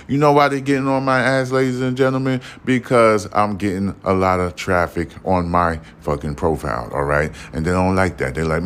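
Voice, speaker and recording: A man's voice: low voice, steady tone, moderate pace, few pauses, smooth. A man hosting a podcast alone, talking casually in a blunt, profane, preachy way that keeps checking in with listeners. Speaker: podcast host. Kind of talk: casual monologue.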